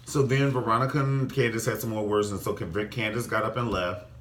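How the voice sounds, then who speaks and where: A man reviewing a TV episode in a casual vlog, sassy and flamboyant, swearing freely, calling his viewers honey and leaping up high in pitch for emphasis. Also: fairly quick, fairly bright tone. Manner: profane, calls viewers honey. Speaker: TV recap vlogger.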